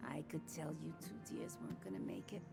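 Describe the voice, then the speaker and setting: A woman's voice: deep voice, animated, a little fast, gravelly, exaggerated voice. An older cafe lady in a game, gossipy and sweet, calls you hun, music playing. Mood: chatty. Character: chatty older small-town cafe owner, motherly gossip. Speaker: cafe owner.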